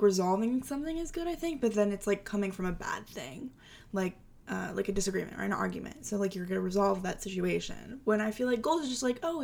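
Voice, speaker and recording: Young woman, podcast host, chatty, filler-heavy, vocal fry. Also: medium pitch, a little mellow. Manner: chatty, full of "like" and "you know" fillers. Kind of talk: casual solo podcast monologue.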